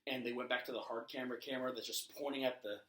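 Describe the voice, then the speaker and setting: Man, casual wrestling podcast co-host, bright tone, animated storyteller, echoey room. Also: medium pitch, rapid-fire, a little hiss or hum. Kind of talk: casual chat about wrestling.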